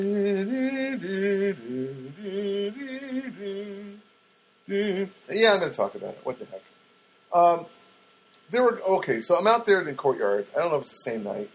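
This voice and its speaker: A man's voice: medium pitch, husky, low-quality recording. A middle-aged man telling rambling personal anecdotes in a casual monologue, often restarting and correcting himself. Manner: rambling, self-correcting, animated when quoting others. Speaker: storyteller.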